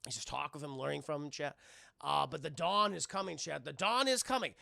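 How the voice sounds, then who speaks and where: A man with a high, gravelly voice recaps an animated episode for his live chat. His tone is bright and loose, full of profanity and asides to the viewers. The sound is close and dry. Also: fairly quick, no room sound. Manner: profane, keeps addressing chat, retells scenes in voices. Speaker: cartoon reviewer streaming to chat.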